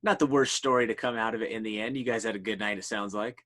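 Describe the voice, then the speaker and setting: A man's voice: on the low side, steady tone, fast talker, fairly bright tone. A man hosting a podcast, chatting casually with a guest and laughing along with short replies. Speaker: podcast host. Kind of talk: casual interview chat.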